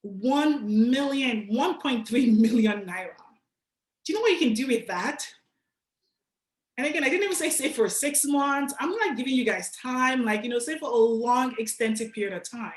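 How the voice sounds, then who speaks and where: A young woman from Nigeria delivers a lively, casual motivational talk, speaking straight to her audience with slang and asides. Her voice sits fairly high, and the sound carries a noticeable echo from the room. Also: normal speed. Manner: casual, animated, slangy, direct address to audience. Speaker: guest speaker.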